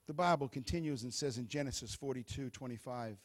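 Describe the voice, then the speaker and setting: A man preaching a sermon who tells the scripture story in an animated, playful way. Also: mid-range voice, fairly quick, few pauses.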